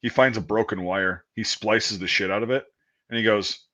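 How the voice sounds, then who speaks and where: A man's voice: fairly low pitch, normal speed, fairly bright tone. Foul-mouthed guy telling army stories. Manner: profane, rambling army storyteller. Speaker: podcast host. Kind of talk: casual storytelling chat. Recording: dull lo-fi audio.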